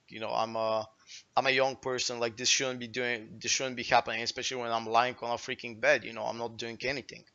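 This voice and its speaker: A man's voice: medium pitch, a bit bright, highs cut off. A young man in his late teens with a Bulgarian accent, a native Bulgarian speaker, telling a story to his stream chat in a rambling way, full of fillers and swearing.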